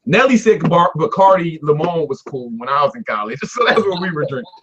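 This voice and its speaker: A young man telling a story in casual talk, animated and laughing, doing voices for the people in it. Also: on the high side, fairly quick, muffled recording, noisy background. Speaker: guest storyteller.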